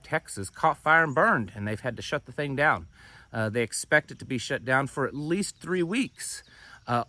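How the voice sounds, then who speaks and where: A man's voice: mid-range voice, sharp tone, dry recording. A man hosting a homesteading channel, giving casual news commentary in a conversational, skeptical way with frequent restarts. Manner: conversational, repeats words and restarts, skeptical asides.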